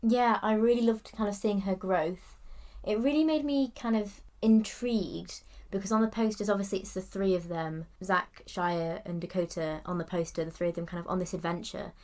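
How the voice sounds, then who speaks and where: A woman's voice: mid-range voice, fairly even intonation, normal speed, darkish tone. A young woman co-hosting a podcast, chatting casually about a film with lots of "like" and "kind of" and frequent giggles. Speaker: podcast co-host. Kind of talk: casual film review chat.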